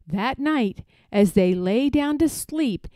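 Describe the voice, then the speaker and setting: Slow, expressive woman reading a picture book. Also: on the high side, dry recording, clean studio sound. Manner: expressive, gentle storytelling. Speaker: storybook reader. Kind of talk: children's picture book read-aloud.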